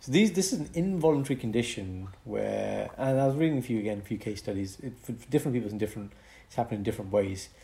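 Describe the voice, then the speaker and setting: A man's voice: fairly low pitch, fast talker, gravelly, few pauses. Chatty young man explaining. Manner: explanatory, animated, breaks into mock accents for fun. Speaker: podcast co-host, doctor. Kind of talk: casual podcast chat.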